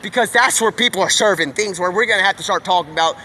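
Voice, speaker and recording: A man live streaming outdoors, rambling excitedly in slangy talk as he jumps from one topic to the next. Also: high voice, fast, slight background noise. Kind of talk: rambling stream-of-consciousness monologue.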